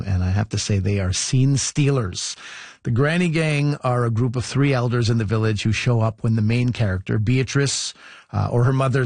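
A man hosting a radio show and reading a scripted segment. His delivery is steady and clear, in a middle pitch. The recording is dry and close. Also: no echo. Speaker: radio host, sitting in.

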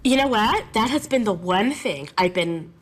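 A woman music teacher telling chatty, animated stories in a radio interview. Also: mid-range voice, normal speed, slightly rough.

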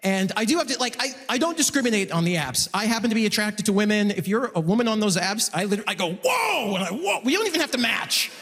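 Man, stand-up comedy, animated delivery, reverb of a live hall. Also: high voice, quick pace, few pauses. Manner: animated, jumps into voices. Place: large concert hall on stage. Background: audience laughter.

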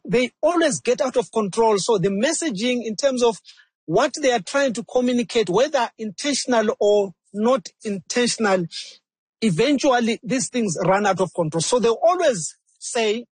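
A man's voice: sits high, slightly rough, dry recording. A man speaking as a journalist guest in an interview, explaining the situation earnestly. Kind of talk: interview answer.

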